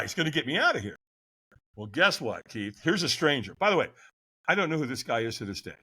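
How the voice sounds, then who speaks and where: A middle-aged man, a podcast guest, telling a story with lively, acted-out voices and frequent laughs. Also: on the high side, a little fast, slightly rough. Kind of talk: animated storytelling.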